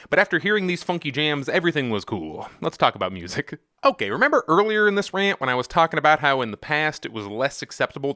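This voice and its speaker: A man's voice: mid-range voice, pushed and bright, dry recording, studio quality. A man hosting a comedic music commentary vlog, talking in a sarcastic, jokey, self-mocking way. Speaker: music vlogger.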